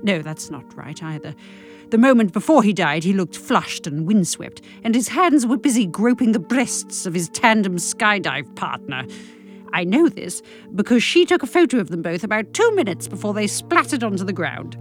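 Deadpan comic woman storyteller. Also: medium pitch, moderate pace, soft background music. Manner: dry, deadpan comic delivery. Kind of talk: comic monologue reading.

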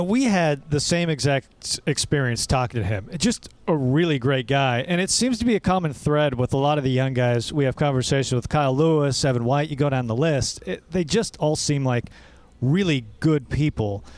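A man's voice: a little high, darkish tone. A man co-hosting a sports podcast, chatting and asking a question in a friendly tone. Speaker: podcast co-host. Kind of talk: casual interview chat.

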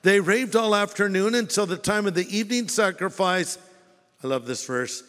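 Animated high-voiced male preacher in a reverberant hall. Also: moderate pace. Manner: animated, mocking, acts out quoted voices. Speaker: pastor. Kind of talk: sermon.

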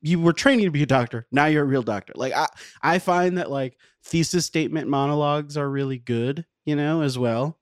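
A man's voice: fairly high pitch, fairly quick, no room sound, clean studio sound. A man guesting on a podcast, talking in a thoughtful, explanatory way. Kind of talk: casual chat.

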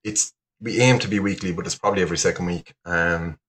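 An Irish man chats as a guest on a podcast, his voice sitting low. He rambles and swears a little, making fun of himself. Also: quick pace, a bit bright. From Ireland. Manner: rambling, self-deprecating, sweary. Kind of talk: casual chat.

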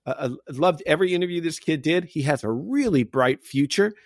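A man's voice: a little high, animated, a little fast, no echo, clean studio sound. A middle-aged man hosting a casual sports talk show, telling rambling stories full of fillers. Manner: rambling storyteller, many fillers. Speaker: podcast host. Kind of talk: casual chat.

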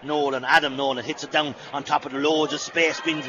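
A man's voice: a little high, level tone. Irish man calling a hurling match. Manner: rapid, rising to shouts at big plays. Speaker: radio match commentator. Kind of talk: live play-by-play commentary. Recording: lo-fi radio broadcast with loud crowd. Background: loud stadium crowd.

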